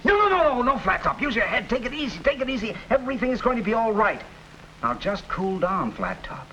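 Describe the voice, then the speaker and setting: An actor playing a greedy, nervous crime syndicate boss in an early TV crime drama, blustering and pleading. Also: male voice, medium pitch, sing-song, moderate pace, pushed and bright. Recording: dull old TV soundtrack with faint hiss.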